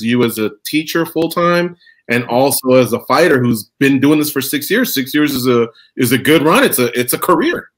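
A man's voice: mid-range voice, a bit bright. A man hosting a radio interview, playful and upbeat, sometimes stumbling over his questions. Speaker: radio show host. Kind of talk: casual interview.

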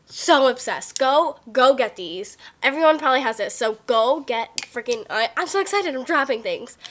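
A young woman with a cold chatting excitedly about her favorite makeup, gushing and full of "like" and "oh my God", recorded on a computer webcam mic at home. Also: fairly high pitch. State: sick, voice lower than usual. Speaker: beauty vlogger. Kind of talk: casual chat. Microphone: built-in computer webcam mic.

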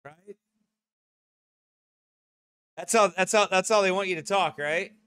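A man's voice: sits high, measured pace, smooth, dry recording, clean studio sound. A male pastor preaching a fiery, mocking sermon. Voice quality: loud, mocking, emphatic.

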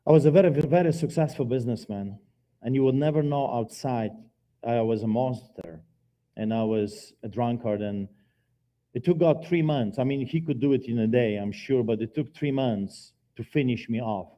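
A man with a dark, mellow voice preaches his testimony from a church pulpit. His storytelling is dramatic, with sudden emphatic rises and drops in loudness. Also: medium pitch, moderate pace. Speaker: guest preacher giving testimony. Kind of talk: testimony sermon.

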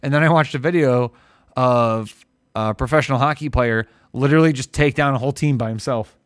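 A man's voice: mid-range voice, fairly quick, clear, resonant tone, no echo, clean studio sound. A man from Ohio co-hosting a casual live-stream chat, joking and riffing with his co-host. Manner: joking, riffs into loud impressions.

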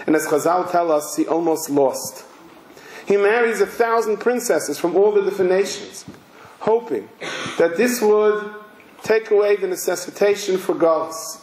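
A male rabbi giving a sermon, telling a story slowly and emphatically. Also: high-pitched, darkish tone. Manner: slow, emphatic, vivid narration. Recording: roomy hall echo.

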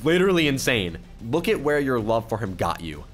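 A man hosting a gaming channel, giving excitable, exclamatory commentary as he plays and reading other players' chat aloud in his own voice. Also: mid-range voice, brisk, soft background music. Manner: excitable, exclamatory, keeps repeating "oh my goodness". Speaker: YouTuber gaming host. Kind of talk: let's-play gameplay commentary.

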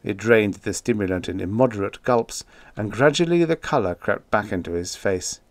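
A man giving a dramatic horror audiobook narration, measured and building dread. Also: lowish voice, lively intonation, dry recording.

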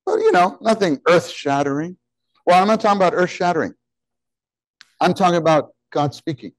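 Animated male preacher, dry sound. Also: sits high, fairly quick, dry recording, low-quality recording. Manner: animated, rising to near-shouts on key words; drops into soft, quiet asides when quoting God. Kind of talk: sermon.

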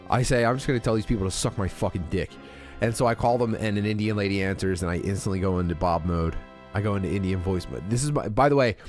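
A man with a fairly low voice telling a comedy story on a stream. He rambles, swears, and keeps restarting his sentences, while faint music plays in the background. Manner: rambling, profane, lots of restarts.

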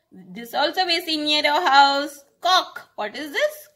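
Lady teacher, high bright voice, super slow singsong for little kids. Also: expressive. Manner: slow, sing-song, repeating words for children to echo. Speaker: preschool teacher. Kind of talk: recorded lesson for young children.

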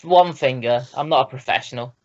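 A man's voice: mid-range voice, brisk, a little mellow, dull audio. A young man co-hosting a reaction video, laughing through crude casual banter.

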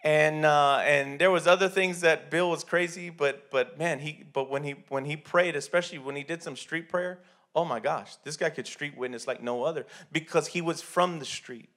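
A man's voice: on the high side, moderate pace, a bit bright. A man preaching a sermon in a church, talking conversationally with many restarts and repeated words. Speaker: pastor.

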